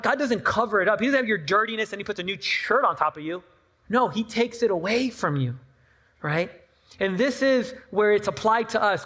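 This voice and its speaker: A man with a high-pitched voice preaching a sermon at a church service. He talks in a loose, conversational way, repeating his points and tossing in playful asides. The sound rings with the long reverb of a large hall. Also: a bit bright. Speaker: pastor.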